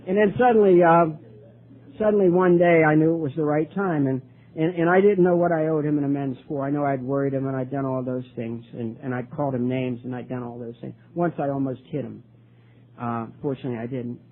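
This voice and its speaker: A man's voice: medium pitch, fairly even intonation. Older man telling his story, tinny lo-fi. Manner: earnest, halting with many restarts. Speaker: AA speaker. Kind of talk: recovery talk storytelling. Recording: tinny lo-fi recording, faint hiss.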